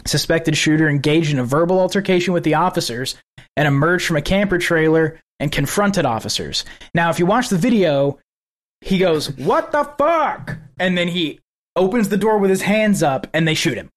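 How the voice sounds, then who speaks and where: A man with a slightly high voice co-hosts a casual podcast. He retells events in an animated way and swears freely. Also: a little fast. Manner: profane, animated retelling of a news video. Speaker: podcast co-host. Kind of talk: casual political podcast chat.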